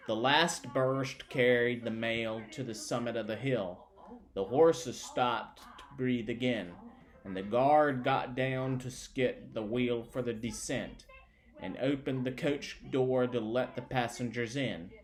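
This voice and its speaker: A man reading a classic novel aloud as an audiobook narrator, measured and unhurried. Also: medium pitch. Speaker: audiobook reader.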